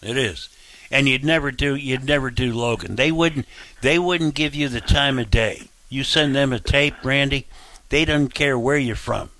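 Blunt, rambling talk radio host. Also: male voice, medium pitch, moderate pace, bright, forceful tone.

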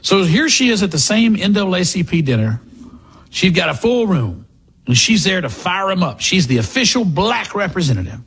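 A man's voice: sits high, very animated, normal speed, fairly bright tone, slight background noise. A man hosting a talk radio show, delivering a sarcastic, mocking political monologue. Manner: sarcastic, mocking, puts on voices.

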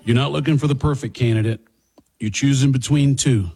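A man's voice: mid-range voice, brisk, warm tone, breathy edge, faint music behind. A man hosting a talk show, giving sarcastic, emphatic political commentary between clips. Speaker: talk radio host.

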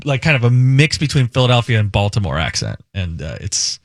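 Man, radio talk host, casual banter, amused, lively pitch, dry studio sound. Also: brisk, no room sound. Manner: amused, animated commentary.

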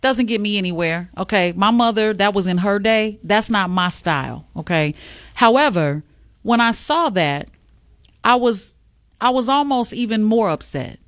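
Animated woman radio host, dry sound. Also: mid-range voice, normal speed, dry recording. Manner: animated, emphatic storyteller. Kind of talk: casual radio chat.

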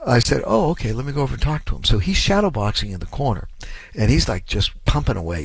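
A man's voice: medium pitch, animated, fast, gravelly, husky, dry recording. A man in his sixties hosting a call-in radio show, telling a long anecdote in a rambling way, full of ums and chuckles. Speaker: radio talk show host.

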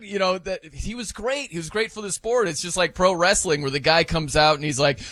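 A man's voice: sits high, lively intonation, moderate pace, hardly any pauses, sharp tone, no echo. A man co-hosting a sports talk show, chatting casually and animatedly, laughing and acting out wrestling announcer bits.

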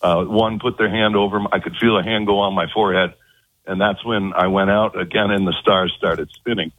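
A man telling of his abduction as an interview guest, halting and repeating words in earnest. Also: low-pitched, steady tone, dry recording. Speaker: guest recounting an abduction experience. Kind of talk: phone-in interview. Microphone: telephone. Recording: tinny phone line.

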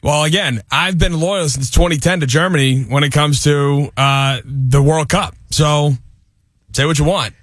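A man with a Boston accent, co-hosting a radio show in relaxed, defensive banter. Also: fairly high pitch, measured pace, dry recording, clean studio sound. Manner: laid-back, defensive, chuckles often. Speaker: radio co-host. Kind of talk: casual studio banter. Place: radio studio.

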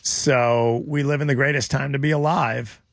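A man's voice: medium pitch, steady tone, moderate pace, creaky, no room sound, clean studio sound. A man hosting a radio talk show, reading news items and joking with his co-hosts. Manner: wry, joking, reads news items aloud.

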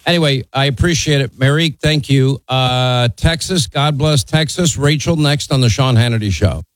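A man's voice: mid-range voice, normal speed, dry recording, low-quality recording. Male talk radio host, blunt and opinionated, teasing callers, dry close sound. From New York. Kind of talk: talk radio, taking calls.

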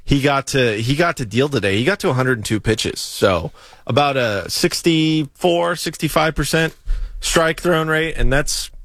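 A man's voice: mid-range voice, a bit bright, dry recording. Male co-host, casual sports banter, stop-start delivery, teasing, dry close recording. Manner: halting, restarts often, teasing. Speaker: podcast co-host.

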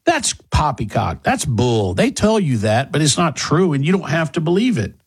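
A man hosting a talk radio show, delivering an indignant monologue full of mocking rhetorical questions, with a husky voice. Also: fairly high pitch, big pitch swings, moderate pace.

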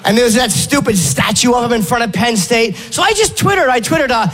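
A man's voice: very high-pitched, animated, fairly quick, over music. A man doing a blunt, sarcastic stand-up routine. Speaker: stand-up comedian.

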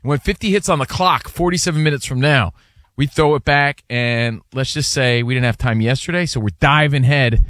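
A man's voice: mid-range voice, dry recording. A man co-hosting a sports radio show in the studio, bantering loosely and laughing at his own slips. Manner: lively, joking, quick to laugh at himself. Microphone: studio microphone.

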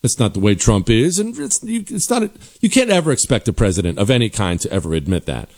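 A man hosting a political commentary show, talking forcefully and sarcastically with emphatic repetition. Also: on the low side, sing-song, fast.

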